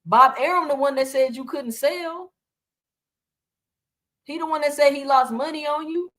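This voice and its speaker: A woman's voice: sits high, measured pace, a bit bright. A woman hosting casual boxing reaction commentary, talking animatedly and piling up rhetorical questions.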